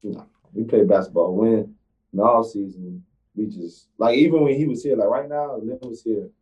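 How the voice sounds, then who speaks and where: Young man, college athlete, low voice, halting casual answers, dull muffled sound. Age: young adult. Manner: halting, restarts sentences, drawn-out casual talk. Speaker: college football player, guest.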